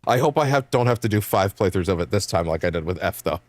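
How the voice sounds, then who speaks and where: A young adult man streaming games, chatting casually in a rambling, animated way, laughing often and swearing freely. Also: deep voice, fast talker, no room sound. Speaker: game streamer. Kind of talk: casual chat while livestreaming.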